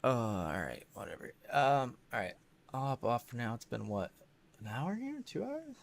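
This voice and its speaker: A man's voice: medium pitch, sing-song, moderate pace, gravelly. A man hosting his own channel, chatting casually and rambling with hedges and fillers. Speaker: channel host. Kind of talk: casual chat.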